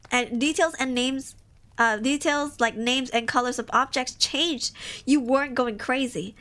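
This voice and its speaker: A woman reads spooky tales aloud on a live stream in a high, bright voice. She reads in a casual way and breaks off into emotional reactions and swearing. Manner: emotional, cries and exclaims between passages. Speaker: streamer reading horror stories.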